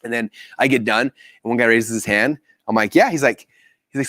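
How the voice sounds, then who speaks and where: A man hosting a live business training, telling a story with animated acted-out quotes. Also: quick pace, no echo, studio quality. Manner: animated storytelling, acts out quotes with big pitch jumps.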